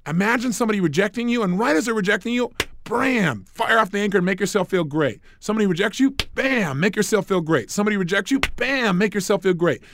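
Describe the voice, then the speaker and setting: A man's voice: sits high, expressive, fast talker, background noise. A middle-aged man giving a punchy, emphatic motivational talk as a coach-like speaker.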